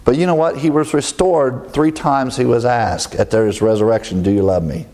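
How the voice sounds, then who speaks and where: A Midwestern American man delivers a humorous sermon in a conversational style, frequently laughing at his own jokes. His voice is medium-pitched and warm, and he speaks at a normal speed.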